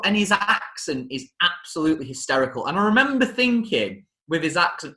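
A man's voice: on the high side, sing-song, fairly quick, few pauses, sharp tone, reverberant. A man hosting a casual chat about a film musical, talking enthusiastically with frequent restarts and self-corrections. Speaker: podcast host reviewing a film musical.

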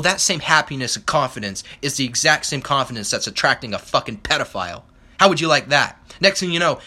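A man's voice: medium pitch, pushed and bright. A young man hosting a solo podcast, ranting angrily with a lot of profanity. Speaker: podcast host.

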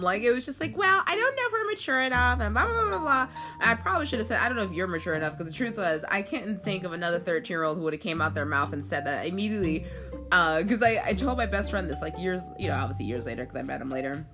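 A woman's voice: lowish voice, lively intonation, fast talker. Chatty, laughing young woman with music behind. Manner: chatty and self-mocking, many likes and ums, frequent laughs. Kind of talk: casual storytelling to camera.

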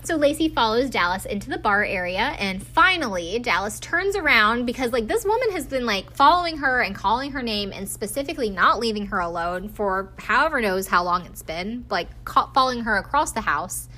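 A woman's voice: fairly high pitch, animated, a little fast, hardly any pauses, bright, forceful tone. A woman hosting a podcast, chatting casually as she recaps a show, her talk full of "like" and "um" fillers. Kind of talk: casual chat.

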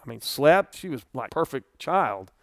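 A middle-aged man teaching a Bible study, telling a personal testimony in an earnest, conversational way that rises with feeling and then drops quiet. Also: very animated, a little slow, creaky, no room sound, studio quality. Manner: earnest and conversational, voice swelling then dropping low.

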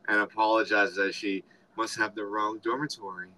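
Very bright-voiced man retelling a film. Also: fairly low pitch, little pitch movement, moderate pace, rough recording. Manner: rambling, filler-heavy retelling of scenes. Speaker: podcast co-host. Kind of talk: casual movie review chat.

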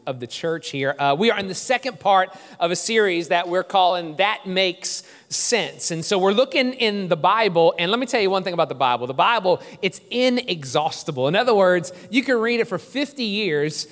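High-voiced pastor. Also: male voice, normal speed, few pauses. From New Orleans. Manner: lively, joking, engages the congregation. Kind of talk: sermon. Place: church sanctuary. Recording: long church reverb.

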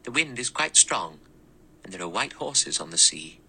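A man's voice: deep voice, sing-song, moderate pace, creaky, bright, forceful tone, slight background noise, exaggerated voice, low-quality recording. A man voicing a prim, stiff older spinster who speaks in a matter-of-fact way.

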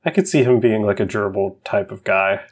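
A young man co-hosting a podcast in casual chat, laid-back and quick to laugh, sometimes losing his train of thought. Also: lowish voice, expressive, husky. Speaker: podcast co-host. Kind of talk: casual chat recapping a film.

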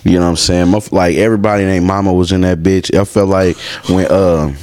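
A man's voice: low-pitched, level tone, quick pace, a little mellow. A man co-hosting a podcast, telling stories in loose casual chat full of crude slang. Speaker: podcast co-host.

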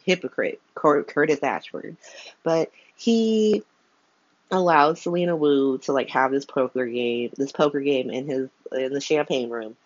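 A woman's voice: rumbling low, unhurried, no echo, dull audio. A woman casually recapping a soap opera episode from home, candid and exasperated, swearing and peppering her talk with "like". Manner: candid, exasperated, profane, lots of "like". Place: home room by a window.

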